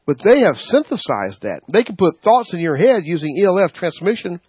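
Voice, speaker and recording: A man leading a Bible study, preaching informally in an animated way, laughing and acting out quotes. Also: sits high, brisk, husky, no echo. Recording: dull, muffled sound.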